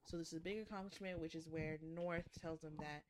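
A woman's voice: low-pitched, steady tone, fairly quick, background noise. A woman co-hosting a casual book chat, recapping the plot and teasing her co-host with jokes.

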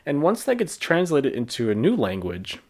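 A man's voice: on the high side, wildly swooping pitch, moderate pace, a little mellow. Reflective American man hosting a podcast. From United States. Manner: reflective, rambling with fillers and restarts. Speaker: podcast host. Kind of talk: solo podcast monologue.

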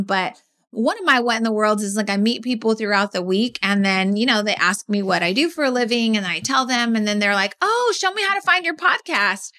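A woman co-hosting a podcast in casual chat, animated and acting out quotes. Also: mid-range voice. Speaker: podcast co-host.

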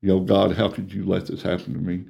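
A middle-aged man with a drawl tells his story in an interview, plain-spoken and earnest. His voice sits low and dark, with a gravelly fry. He drops to a hush when things get painful. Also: monotone, fast talker. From Texas, USA. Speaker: ministry coordinator.

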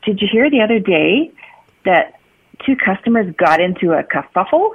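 A woman's voice: mid-range voice, big pitch swings, moderate pace, breathy edge. A woman calling in to a radio show, cheerful and upbeat. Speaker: caller. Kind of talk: phone-in chat. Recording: tinny phone line.

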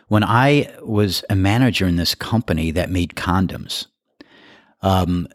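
A man's voice: deep voice, no room sound, studio quality. An older man hosting a podcast in casual chat, telling candid, crude stories and laughing often. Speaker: podcast host.

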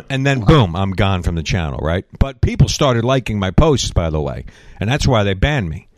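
A man hosting a talk show, telling stories in a casual, sarcastic, animated way. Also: lowish voice, normal speed, no room sound. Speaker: radio show host.

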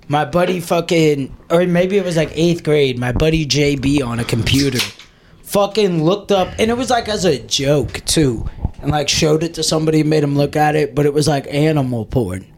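A man's voice: a little high, slight background noise. A man in his twenties, telling rowdy stories on a podcast, swearing freely and laughing as he goes. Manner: profane, excitable, laughs while telling stories. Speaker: podcast host. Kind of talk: casual storytelling chat.

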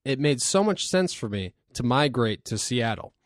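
A man co-hosting a podcast, trading goofy, deadpan banter in casual chat. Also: mid-range voice, moderate pace, no echo, studio quality. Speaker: podcast co-host. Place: podcast studio.

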